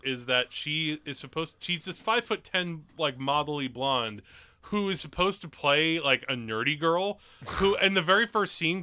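A man's voice: a little high, bright, forceful tone, dry recording. A man co-hosting a podcast, chatting casually about movies, rambling with lots of fillers and frequent laughs. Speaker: podcast co-host. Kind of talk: casual movie review chat.

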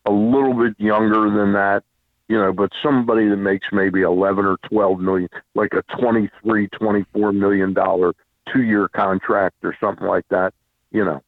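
A man calling in as a weekly guest for casual sports chat, talking rapidly and over the host. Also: lowish voice, little pitch movement, dry recording. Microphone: phone call. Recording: tinny phone line.

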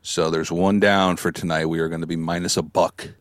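A man's voice: low-pitched, little pitch movement, brisk, no echo, clean studio sound. A man co-hosting a podcast, chatting casually and joking with his co-host. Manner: joking, teasing, laid-back. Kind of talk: casual wrestling podcast chat.

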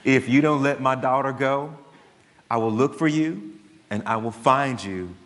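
A man playing a grim, determined father who speaks low, steady and menacing. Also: a little slow, lightly acted. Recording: long hall reverb.

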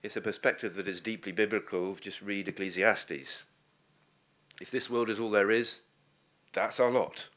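A man's voice: on the low side, normal speed, fairly bright tone. A man preaching a sermon, earnest and posing rhetorical questions to the congregation.

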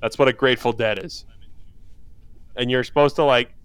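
A man's voice: medium pitch, steady tone, normal speed, a bit bright, clean tone, dry recording. A young man co-hosting a podcast, telling a bar story in a loose, rambling way. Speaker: podcast co-host. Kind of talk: casual chat.

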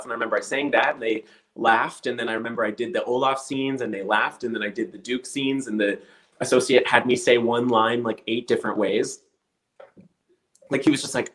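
A man's voice: medium pitch, quick pace, poor audio. A man telling a story casually, acting out the voices of the people in it. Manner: animated storyteller acting out quotes.

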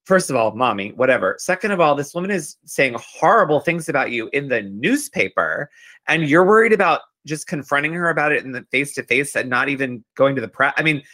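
A man with a bright, forceful voice chats on a podcast about a reality show. He gossips with plenty of energy and swears casually. His pitch sits in the middle of the usual range. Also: animated, fairly quick. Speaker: podcast co-host.

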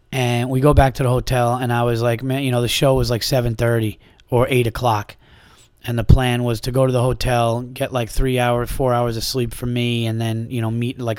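A man hosting his own podcast, talking casually and a little hoarse from a sore throat, telling a rambling, profane story with lots of restarts. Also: medium pitch, flat delivery, brisk, darkish tone, no room sound, clean studio sound. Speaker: podcast host and comedian.

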